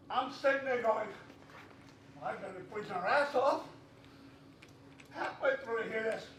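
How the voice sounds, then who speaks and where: A man with a very high voice tells a rambling anecdote at an open mic, shouting his punchlines. He sounds distant, caught in a roomy, echoing panel room. A faint noise hangs behind him. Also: measured pace, long pauses. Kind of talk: stand-up storytelling. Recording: echoey room, mic from far off.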